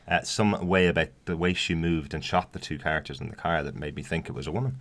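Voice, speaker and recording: A man's voice: very deep voice, fairly even intonation, fast talker, a bit bright. A man co-hosting a podcast, chatting casually about a TV episode with frequent fillers and restarts. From outside the US. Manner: hesitant, many fillers and restarts. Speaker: podcast co-host. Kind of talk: casual TV review chat.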